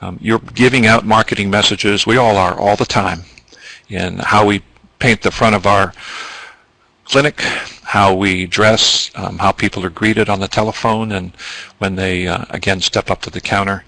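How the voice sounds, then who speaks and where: A man's voice: fairly low pitch, fairly even intonation, a little slow, sharp tone, no room sound, rough recording. A man presenting a business training webinar, explaining at length with ums and asides.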